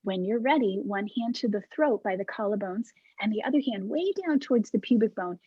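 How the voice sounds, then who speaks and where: A woman instructor calmly guiding a movement class over a video call, demonstrating breaths. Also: mid-range voice, no echo, muffled recording. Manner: calm, soft-spoken cueing with breathy demonstrations.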